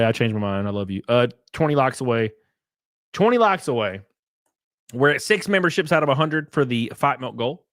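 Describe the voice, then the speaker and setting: A male streamer talks loosely and profanely to his chat, his pitch swinging up and down as he jokes. The sound is close and dry, with no room around it. He keeps a casual, teasing edge throughout. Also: big pitch swings, normal speed, a bit bright, no echo. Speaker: live streamer.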